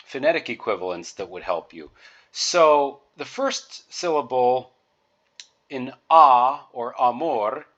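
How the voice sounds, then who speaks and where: A man slowly talking through a pronunciation guide, giving patient explanations with everyday example words. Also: medium pitch, a bit bright. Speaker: music teacher. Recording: dull lo-fi recording.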